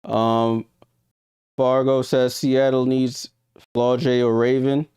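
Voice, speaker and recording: A man's voice: mid-range voice, little pitch movement, takes it slowly, a little mellow, smooth, no echo, clean studio sound. A man with a New York accent hosting a live stream, giving casual reaction commentary, thinking aloud and talking to his viewers with hesitant ums. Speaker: livestream host.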